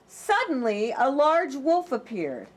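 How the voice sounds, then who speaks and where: A woman reads a storybook aloud to small children, taking her time and letting her voice rise and fall a lot. Her tone is gentle and clear, with a higher pitch and a touch of gravel at the bottom of her voice. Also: wildly swooping pitch, slow pace. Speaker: preschool library teacher. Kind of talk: storybook read-aloud and lesson for preschoolers.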